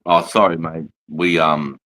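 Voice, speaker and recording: A man's voice: a bass voice, level tone, a little slow, bright, forceful tone, dry recording. An Australian man on a live stream, blunt and jokey, calling people bro and mate. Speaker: guest on a livestream. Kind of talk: casual live-stream chat.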